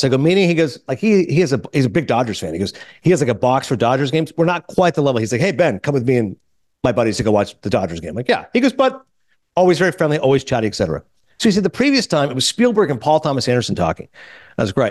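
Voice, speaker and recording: A middle-aged man hosting a podcast, telling a story in casual chat and quoting people in quick back-and-forth. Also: mid-range voice, no room sound, studio quality. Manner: animated, quotes others in quick back-and-forth. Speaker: podcast host.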